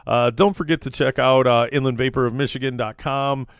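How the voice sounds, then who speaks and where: A man's voice: mid-range voice, fairly even intonation, fairly quick, clean tone, dry recording. Rambling male podcast host, dry sound. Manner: rambling, many fillers and restarts. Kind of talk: casual chat. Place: small studio in a vape shop.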